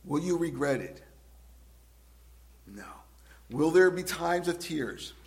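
Man preaching with hushed-to-loud swings. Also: a little high, animated. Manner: dramatic swings from loud emphasis to hushed, drawn-out words; asks the congregation direct questions. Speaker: pastor. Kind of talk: sermon.

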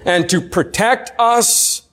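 A man preaching a sermon earnestly, asking the listeners questions and slowing down to stress key words. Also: sits high, a bit bright.

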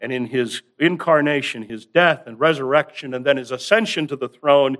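This earnest male preacher has a mid-range voice with a fairly bright tone, and he lingers on key phrases, elongating words and raising the stress as he teaches his sermon.

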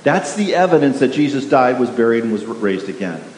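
A pastor preaching a sermon, emphatic and repetitive, putting questions to the congregation. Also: male voice, mid-range voice, very animated, a little fast, a little mellow. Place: church sanctuary. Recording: echoey hall with faint hiss.

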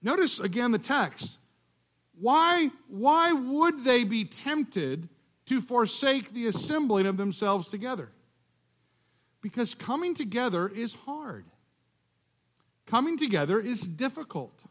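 High-voiced man preaching a sermon. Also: expressive, measured pace, fairly bright tone. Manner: conversational preaching with humor and asides. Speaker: guest preacher. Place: church.

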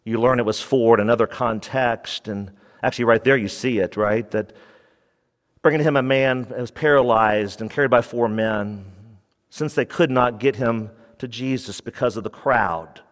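A man preaching a radio sermon, emphatic, dropping low for key points and rising when he quotes. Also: normal speed, in a large hall. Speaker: pastor.

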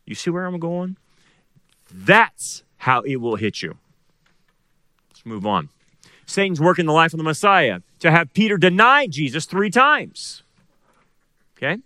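A middle-aged male pastor preaching with a lively, swooping delivery and a rather high voice. His tone is bright and forceful, and he keeps throwing rhetorical questions at the congregation. The sound is dry and close. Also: a little slow, long pauses, no echo. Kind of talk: sermon.

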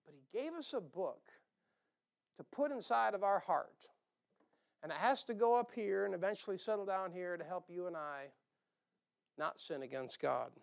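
A pastor preaching with a high, clear voice. He swings between loud emphasis and quieter asides, voicing imagined listeners as he goes. This is a sermon to a congregation.

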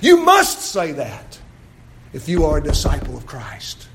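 A male pastor preaching a sermon, swinging between shouted questions and hushed pleading. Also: high-pitched, sing-song, a little slow, a little hiss or hum.

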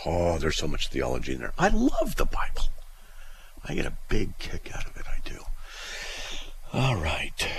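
Deep-voiced rambling male radio host. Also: a little hiss or hum. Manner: rambling, chatty, many fillers and restarts. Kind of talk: call-in radio talk.

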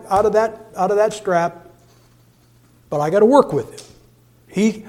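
A man in his sixties preaches with a folksy, joking delivery. His voice sits high for a man, and he drops into quiet asides before breaking out in loud bursts. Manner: folksy, humorous storytelling with sudden loud bursts. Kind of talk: sermon.

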